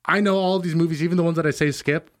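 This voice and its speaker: A man's voice: fairly high pitch, fairly even intonation, quick pace, no room sound. A man co-hosting a casual podcast, telling stories with lots of fillers and restarts. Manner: rambling, filler-heavy storytelling. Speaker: podcast co-host. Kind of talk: casual chat.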